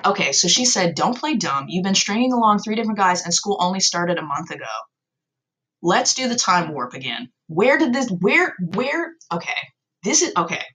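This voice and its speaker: Gravelly-voiced sarcastic young woman. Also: on the low side, a bit bright, poor audio. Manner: sarcastic, self-mocking, swears freely. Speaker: podcast host. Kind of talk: casual self-roasting story recap.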